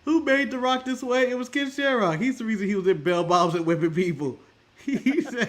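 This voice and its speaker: High-pitched excitable laughing man. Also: fairly quick. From United States. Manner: excitable, laughs often, animated. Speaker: co-host. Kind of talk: casual wrestling recap chat.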